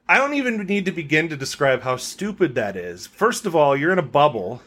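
A man's voice: on the high side, very animated, fairly quick, hardly any pauses, a bit bright. Sarcastic young man ranting on a podcast. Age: young adult. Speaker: podcast co-host. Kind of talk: casual podcast chat.

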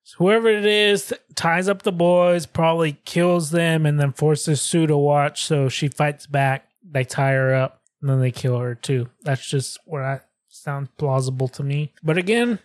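A man's voice: fairly high pitch, fairly even intonation, measured pace, few pauses, no room sound, clean studio sound. A young man co-hosting a casual podcast, recounting case details in a crude, laughing way. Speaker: podcast co-host.

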